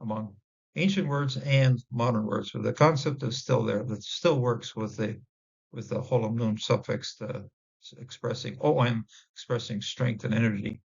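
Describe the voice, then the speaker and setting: A man teaching a casual Bible word study, pausing often with fillers and restarting his sentences as he sounds out Hebrew words slowly. His voice has a gravelly fry, and the recording is dull and lo-fi. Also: medium pitch, steady tone, darkish tone. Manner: halting, many fillers and restarts.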